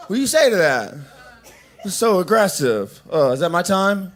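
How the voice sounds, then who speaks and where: A man's voice: fairly high pitch, animated, brisk. Young guy doing open mic standup at a coffee shop, rambly, keeps saying like and right. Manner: rambling, restarts, lots of "like" and "right?". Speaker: stand-up comedian.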